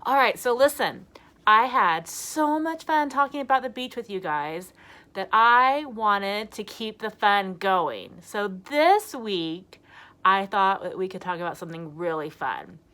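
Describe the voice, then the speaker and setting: A young woman teaching a lesson to small children, speaking slowly, clearly and with lots of encouragement. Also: medium pitch. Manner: animated, encouraging, slow and clear. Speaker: preschool teacher.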